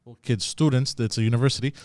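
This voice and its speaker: A man's voice: medium pitch, fairly even intonation, quick pace, darkish tone, no echo, clean studio sound. Hesitant man reading out news stories. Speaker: podcast regular who reads out news. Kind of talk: casual comedy chat.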